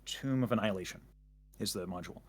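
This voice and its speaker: A man's voice: on the low side, fast, breathy edge. Rambling chatty man. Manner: rambling, self-interrupting, jokey. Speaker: guest. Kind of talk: casual chat.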